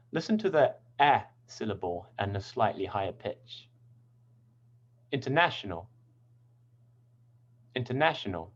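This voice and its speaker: A man leads a scripted pronunciation lesson in a voice with plenty of melodic movement. He stresses example words deliberately so listeners can copy them. The recording has a slightly muffled, lo-fi quality. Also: mid-range voice. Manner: clear, deliberate word demonstrations. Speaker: English pronunciation teacher.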